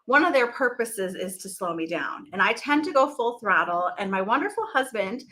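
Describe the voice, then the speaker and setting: A woman's voice: mid-range voice, very animated, moderate pace, bright, forceful tone. A middle-aged woman hosting a podcast, chatting casually in a rambling, laughing way. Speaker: podcast host. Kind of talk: casual live chat.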